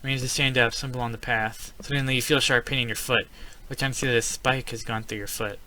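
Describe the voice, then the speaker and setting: A man's voice: mid-range voice, fairly even intonation, quick pace, bright, forceful tone, a little hiss or hum. A man playing a text adventure game, reading the story aloud in a casual let's-play style and breaking into startled exclamations.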